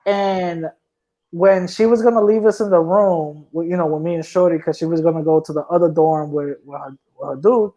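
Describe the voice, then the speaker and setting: A young man co-hosting a podcast, telling a story in a slangy, animated way and quoting what people said. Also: on the high side, normal speed, lo-fi sound. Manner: slangy, animated retelling with quoted dialogue. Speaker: podcast co-host. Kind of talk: casual storytelling chat.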